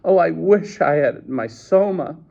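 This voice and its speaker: A man reading aloud, voicing a distressed, pampered young woman in a tearful, pleading falsetto. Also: very animated, moderate pace, dark tone. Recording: dull lo-fi recording.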